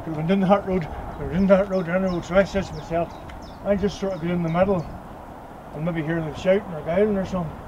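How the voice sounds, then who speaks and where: An older man, telling childhood stories in a lively way, acting out loud quotes. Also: high-pitched, fast, dull audio. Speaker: childhood friend. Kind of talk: reminiscing storytelling. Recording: outdoor noise with passing traffic.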